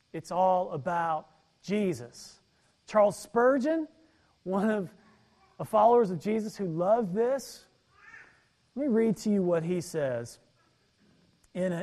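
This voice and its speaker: A male pastor delivers a sermon in a high voice at an unhurried pace. He reads verses aloud and drives home his main points by repeating them. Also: darkish tone.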